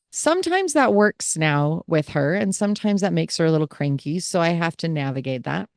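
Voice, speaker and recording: A woman's voice: sits low, animated, normal speed, few pauses, no echo, studio quality. A woman podcast host and family caregiver speaking in a candid, reflective personal monologue.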